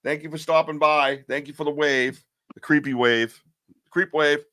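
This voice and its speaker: A man's voice: on the high side, steady tone, normal speed, bright, forceful tone, no room sound. A man hosting a live podcast, chatting loosely, joking and rambling in slang. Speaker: podcast host. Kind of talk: casual live-stream chat.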